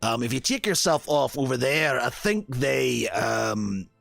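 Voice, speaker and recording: A man's voice: medium pitch, animated, a little slow, creaky, fairly bright tone, no room sound, faint music behind, heavily acted. A man voicing a friendly, fatherly male townsman who speaks hesitantly. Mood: obliging. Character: friendly male townsman, calls others lad.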